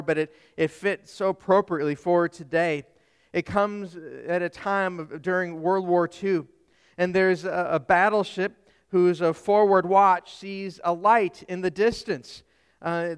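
Pastor, male, from Minnesota; smooth, clear voice, unhurried storytelling sermon. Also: high-pitched, big-room sound. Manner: storytelling, slow and deliberate with soft trailing phrases.

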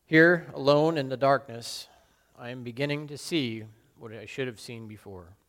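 A man playing Peter, a remorseful, brash fisherman and apostle, in a slow, brooding first-person monologue with sudden loud outbursts. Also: mid-range voice, close to an everyday voice. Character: remorseful middle-aged fisherman apostle, brash, guilt-torn. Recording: long hall reverb.

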